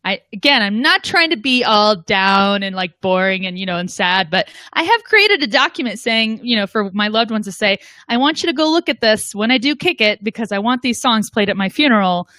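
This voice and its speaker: A woman's voice: medium pitch, lively intonation, brisk, few pauses, pushed and bright, dry recording. A woman talking as a guest host on a live show, chatty and playful. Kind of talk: casual live show chat.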